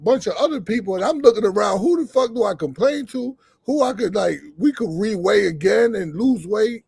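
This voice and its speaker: Gravelly husky man telling a story. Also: high-pitched, no room sound. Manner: animated, acts out quotes, swears freely. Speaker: boxing manager telling a story. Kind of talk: casual storytelling on a call-in show.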